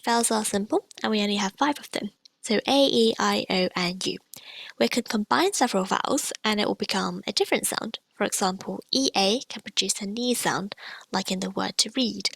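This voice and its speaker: A woman language teacher explaining pronunciation in a clear, patient, scripted lesson, demonstrating each sound. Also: medium pitch, fairly bright tone, no echo.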